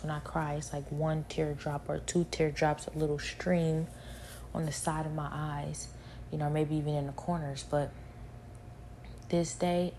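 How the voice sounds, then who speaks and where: A woman giving a spoken personal testimony, halting and repetitive, with many fillers. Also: sits low, vocal fry, warm tone, slight background noise.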